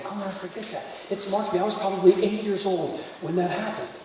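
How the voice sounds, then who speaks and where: A man's voice: high-pitched, fairly even intonation, fairly quick, few pauses, darkish tone. A man preaching a sermon, telling stories and then rising into fervent exhortation. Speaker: pastor. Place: large church sanctuary. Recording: distant echoey hall, faint room noise.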